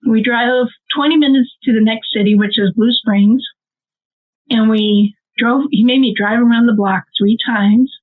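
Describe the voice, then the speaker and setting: A middle-aged Midwestern American woman, a nonprofit co-founder appearing as a guest, tells her story at normal speed with animated, emotional energy. Her voice is a little high for a woman, and the call audio sounds thin and tinny, like a phone line.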